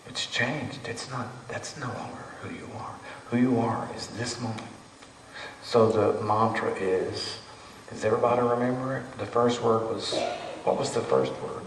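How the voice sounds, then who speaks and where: A male meditation teacher giving a dharma talk to a retreat group, unhurried and light, drawing out his key words. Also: medium pitch. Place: meditation hall. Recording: echoey hall, voice from far off, faint hum.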